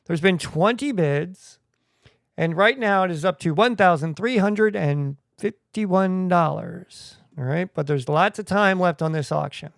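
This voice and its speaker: Smooth-voiced chatty podcast host man. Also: high voice, a little slow, no room sound, studio quality. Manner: chatty, jokey asides. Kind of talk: casual podcast talk.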